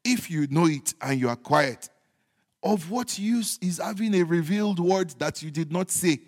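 A man preaching a sermon as pastor, repeating his points emphatically and moving between loud declarations and hushed, joking asides. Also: high-pitched, expressive, normal speed. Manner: humorous asides with chuckles. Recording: long hall reverb.

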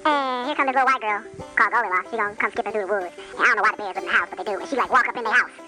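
A man putting on a pitched-up chipmunk voice to tell a fairy tale in a rambling, stammering way with crude comic asides. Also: rapid-fire, pushed and bright, faint music behind, rough recording. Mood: rambling, sassy. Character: sped-up chipmunk telling a rowdy fairy tale. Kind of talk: comic storytelling.

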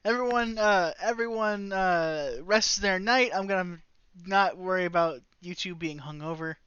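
A game master narrating a tabletop role-playing session in a hesitant way, full of ums and restarted phrases. The voice is smooth and resonant, but the recording is dull and lo-fi with a dry, close sound. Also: medium pitch, fairly bright tone, no room sound. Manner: halting, many fillers and restarts.

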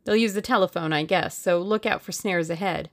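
A woman voicing a bold young man, speaking in a brisk, laconic, breezy way. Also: on the low side, close to an everyday voice.

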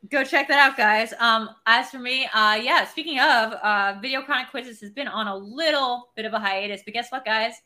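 A woman hosting a relaxed movie podcast. Her voice is bright and sits fairly high, and she talks in a loose, chatty way with plenty of fillers and restarts. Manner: chatty, filler-heavy, quick plugs. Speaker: podcast co-host. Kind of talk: casual chat.

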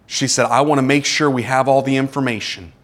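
A man preaching a sermon as pastor, animated, with acted-out quotes and sudden drops to a quiet tone. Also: mid-range voice, a little fast.

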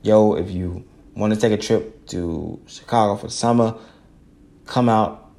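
Gravelly, earnest man, podcast monologue. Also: on the low side, unhurried, a little mellow. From United States. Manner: earnest, preachy, repeats phrases for emphasis. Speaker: podcast host. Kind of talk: casual solo podcast monologue.

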